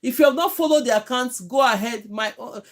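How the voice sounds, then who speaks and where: A woman's voice: on the high side, fairly quick. A woman from Nigeria with a Nigerian accent, teaching hair braiding on a live stream from home, chatting and thanking viewers by name. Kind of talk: live-stream tutorial chat.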